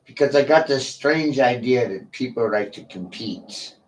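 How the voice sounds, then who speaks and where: A man ranting on a livestream, profane, combative and boastful, with long pauses between his lines. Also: medium pitch, lively intonation. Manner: slow, drawn-out delivery with long pauses. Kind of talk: livestream rant.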